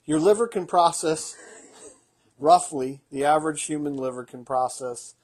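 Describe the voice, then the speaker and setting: A man's voice: a little high, moderate pace, darkish tone. A man co-hosting a casual cocktail show as the bartender, joking bluntly and crudely and explaining drink facts like a short lecture. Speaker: co-host, bartender. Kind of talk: casual chat.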